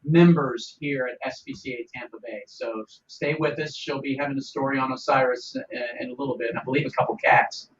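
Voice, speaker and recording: A man's voice: medium pitch, fairly quick, few pauses. Man on a distant, dull podcast mic. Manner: lively, rambling storyteller with many restarts. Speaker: podcast co-host for an animal shelter. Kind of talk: casual podcast chat.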